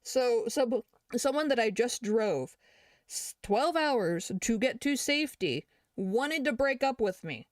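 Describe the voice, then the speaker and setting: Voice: mid-range voice, expressive, takes it slowly, no echo, studio quality. A young adult talking casually and with plenty of swearing, reading posts aloud and reacting to them. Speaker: creator responding to allegations. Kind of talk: casual commentary.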